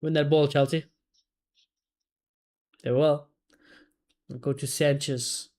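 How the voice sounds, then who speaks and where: A man, casually commentating a football match for his live chat and reacting loudly to chances. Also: fairly high pitch, little pitch movement, slow. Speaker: streamer hosting a football watchalong.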